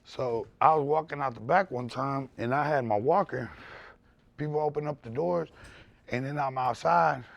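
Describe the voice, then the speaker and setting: A man speaking as a podcast guest, telling his story in loud, animated, candid conversation and swearing freely. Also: medium pitch, normal speed, creaky, no room sound, muffled recording.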